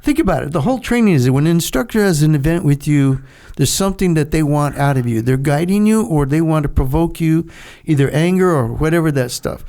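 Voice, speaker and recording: An older man in his seventies tells stories as a podcast guest. He is animated, chuckling between lines and acting out the people he quotes. His voice sits a little high and has a gravelly rasp. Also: brisk, few pauses. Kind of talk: casual storytelling.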